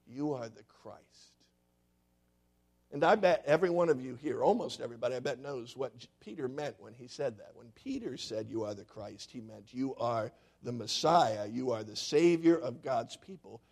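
A male pastor preaching a sermon in a church sanctuary, putting questions to the congregation and swinging from loud to hushed. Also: mid-range voice, expressive, normal speed, vocal fry, hardly any pauses, slightly rough.

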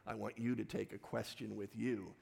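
A man's voice: lowish voice, level tone, moderate pace, gravelly, warm tone, slightly rough, long reverb tail. A man preaching a sermon as a pastor, telling personal stories in short, punchy phrases.

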